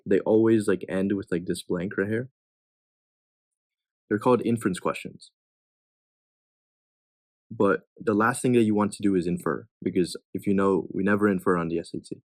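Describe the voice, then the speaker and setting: A man's voice: lowish voice, steady tone, normal speed, long pauses, dry recording. A young man tutoring test questions in a casual way, reading each answer choice and thinking aloud as he rules it in or out.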